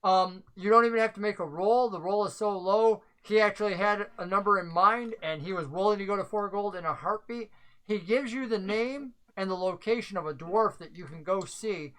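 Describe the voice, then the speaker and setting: Bright voiced game master narrating a tabletop game, talks through the rules out loud. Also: mid-range voice, normal speed, poor audio. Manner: explains rules at length, thinking aloud.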